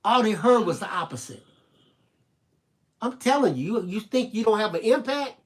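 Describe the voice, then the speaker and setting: A man's voice: high-pitched, lively intonation, moderate pace. A man hosting a live stream, telling a personal story in casual chat with earnest, preacher-like emphasis. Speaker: live-stream craft show host.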